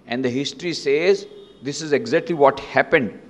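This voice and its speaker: A man, a monk lecturing in a hall, tells a story with dramatic emphasis in a fairly high voice. A long reverb hangs on every phrase. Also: normal speed.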